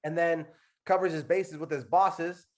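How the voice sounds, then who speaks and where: A man's voice: on the high side, fairly even intonation, a little slow, darkish tone. A man hosting a casual interview, retelling his guest's story in a playful, slangy way and addressing the others directly. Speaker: host. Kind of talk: casual chat.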